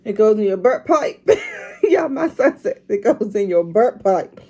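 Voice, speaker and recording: A woman's voice: mid-range voice, big pitch swings, normal speed, warm tone. A woman, a mother filming at home, chatting casually to her viewers and groaning with strain as she talks. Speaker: vlogger doing a drinking challenge.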